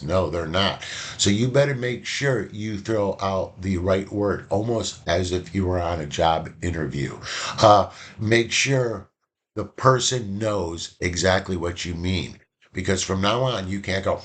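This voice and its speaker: A male professor giving a casual, animated lecture, repeating key points and acting out quoted voices in his stories. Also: sits low, a little slow. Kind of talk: classroom lecture.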